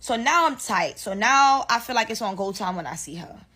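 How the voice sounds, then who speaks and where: A woman's voice: a little high, normal speed, husky. Blunt, slangy woman telling a work story. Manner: animated, acts out both sides of an argument; blunt, swears freely, slangy. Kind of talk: casual storytelling to an audience.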